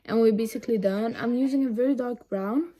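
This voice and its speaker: A woman's voice: a little high, a little fast, dark tone. Chatty young woman doing a makeup tutorial. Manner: chatty, rambling, many ums and asides. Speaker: makeup vlogger. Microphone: phone camera set low.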